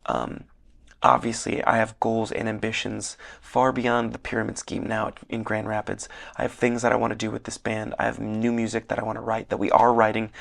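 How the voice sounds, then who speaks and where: Young male podcast host, hoarse, low and heavily gravelly, earnest rambler. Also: monotone, a little fast, a bit bright. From Northern Michigan. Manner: rambling, filler-heavy, earnest. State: losing his voice, slightly hoarse. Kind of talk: casual solo podcast monologue. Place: hotel room.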